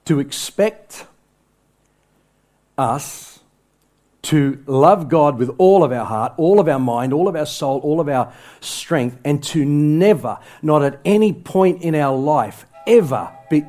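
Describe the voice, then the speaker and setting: A man's voice: a little high, animated, slow pace, dark tone. A male pastor preaching a sermon to a congregation, with impassioned emphasis that rises and falls. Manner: impassioned, rising and falling emphasis. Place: church sanctuary with congregation.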